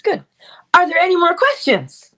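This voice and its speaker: A woman hosting a spiritual teaching session and answering audience questions. She speaks in an animated way, acts out quoted voices and laughs often. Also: very high voice, moderate pace. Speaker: host and teacher.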